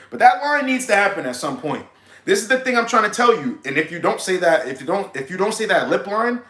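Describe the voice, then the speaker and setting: A man's voice: high-pitched, pushed and bright, roomy sound. A young man, a dating coach on a stream, chatting casually in blunt, slangy talk with plenty of swearing. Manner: acts out both sides of pickup scenes. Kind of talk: casual livestream chat.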